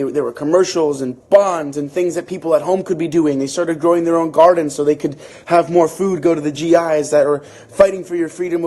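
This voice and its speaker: A man hosting a book club, reading a novel aloud and then reflecting on it in a thoughtful, halting way, with frequent restarts. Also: a little high, mellow. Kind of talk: reading aloud and casual commentary.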